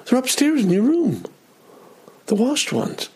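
A man's voice: extremely high pitch, wildly swooping pitch, unhurried, a little mellow, husky. A middle-aged man telling a personal story in a casual, self-deprecating way, acting out his own outbursts.

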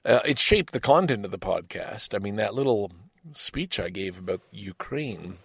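A man's voice: lowish voice, lively intonation, normal speed, vocal fry, husky, no echo. A man talking alone on his own podcast, rambling and reflective, often restarting his sentences. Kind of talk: casual solo podcast monologue.

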